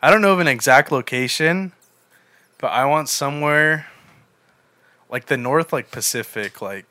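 A young man co-hosting a casual podcast, relaxed and joking, laughing easily. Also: a little high, normal speed, no room sound. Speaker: podcast co-host. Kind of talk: casual chat.

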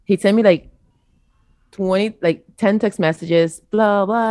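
A young woman telling a story in casual podcast chat, blunt and animated, swearing freely. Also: mid-range voice, a little slow, dry recording. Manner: blunt, profane, animated retelling. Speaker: podcast co-host.

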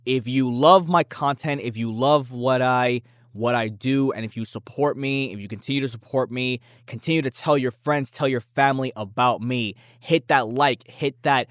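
A man's voice: mid-range voice, normal speed, hardly any pauses, no room sound, studio quality. Rambling man hosting a podcast. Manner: rambling, stumbles and repeats words, swears casually. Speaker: podcast host. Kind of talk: solo podcast monologue.

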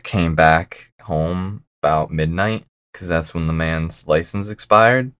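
A man's voice: sits low, slow pace, fairly bright tone, smooth, dry recording, studio quality. A young man chatting casually as a podcast guest, laid-back and a bit mumbly, laughing often. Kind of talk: casual chat.

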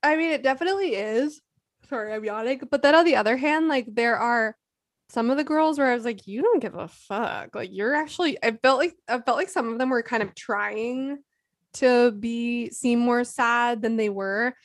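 A woman co-host chatting in a relaxed, easygoing way, often trailing off at the ends of phrases. Her voice sits a little high, recorded dry and close with no room sound. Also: normal speed, dry recording. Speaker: podcast co-host. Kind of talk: casual chat.

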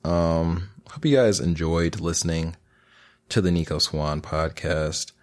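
A man's voice: deep voice, takes it slowly. A young man from Michigan hosting a casual solo podcast, rambling and joking in crude slang. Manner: breaks into silly freestyle rap bits. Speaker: podcast host.

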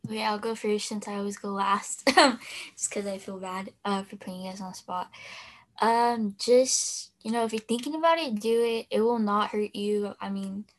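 A woman's voice: mid-range voice, fairly even intonation, normal speed. A teenage girl and student officer talking casually on a podcast, rambling with lots of fillers and little laughs. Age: teens. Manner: chatty with many fillers and laughs.

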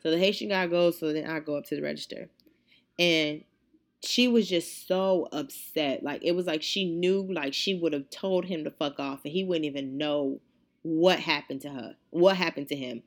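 A young woman host telling a story in casual chat, animated and profane, getting heated as she retells it. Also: low voice, normal speed. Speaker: podcast host.

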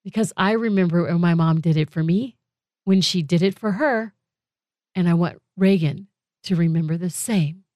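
A woman's voice: on the low side, normal speed, a little mellow, no room sound, studio quality. A middle-aged woman hosting her own podcast, speaking in a heartfelt, emphatic way and repeating phrases for weight. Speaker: podcast host. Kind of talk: personal reflective monologue.

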